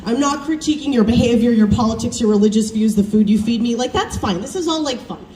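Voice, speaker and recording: A woman's voice: fairly high pitch, fast, background noise. Young Southern woman doing chatty stand-up. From American South. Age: young adult. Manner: self-deprecating, chatty, animated storytelling. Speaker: student stand-up comic. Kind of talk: stand-up comedy set. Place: campus showcase stage. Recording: roomy, distant stage recording with faint ambience.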